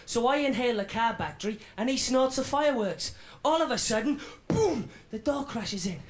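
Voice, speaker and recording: This young man in his 20s is a comedian performing a swaggering routine, voiced by an actor in a radio drama with a Welsh accent and an edgy, defiant attitude. The voice is very high and expressive at a normal pace, set against a noisy background.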